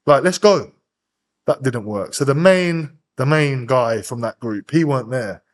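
A man's voice: mid-range voice, moderate pace. Blunt, profane man telling a story. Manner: blunt, profane, street slang. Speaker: podcast guest. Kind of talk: candid storytelling interview.

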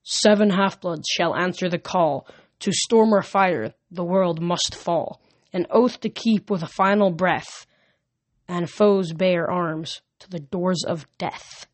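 A woman reading a storybook aloud, voicing a teenage girl oracle in a soft, earnest, slightly shaken way. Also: on the low side, takes it slowly. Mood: trance. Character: teenage girl oracle, dazed but determined.

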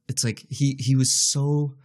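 A man co-hosting a podcast in relaxed, wry casual chat. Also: mid-range voice, slow, slightly rough. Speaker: podcast co-host.

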